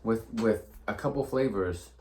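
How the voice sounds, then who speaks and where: A man's voice: lowish voice, moderate pace, a little mellow. A man co-hosting a casual beer review, rambling and searching for words as he describes what he tastes. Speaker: co-host of a beer review show. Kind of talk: casual chat.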